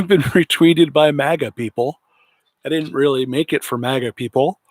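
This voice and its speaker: A man hosts a late-night political commentary livestream, his tone indignant and sarcastic. His voice sits at a middle pitch. It is recorded close and dry, with no room sound. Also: no echo. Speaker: livestream host.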